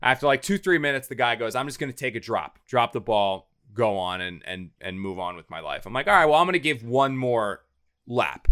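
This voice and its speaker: A man's voice: medium pitch, brisk, a bit bright, clear, resonant tone. A man co-hosting a show, telling a long story in a casual, rambling way with lots of fillers and restarts.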